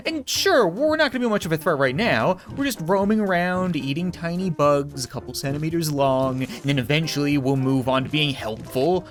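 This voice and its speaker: A man's voice: a little high, fairly bright tone. A man giving jokey, sarcastic let's play commentary as a gaming YouTuber, often talking to the creatures in the game.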